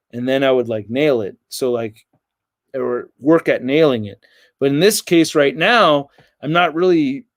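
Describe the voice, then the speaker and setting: A man's voice: medium pitch, dry recording. An American man hosting a casual livestream, rambling and reading viewer comments aloud. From United States. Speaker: livestream host.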